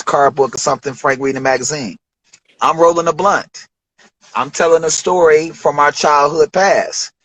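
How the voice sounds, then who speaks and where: A man telling a studio story as an interview guest, animated, acting out quotes with big jumps in pitch. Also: no room sound. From Detroit.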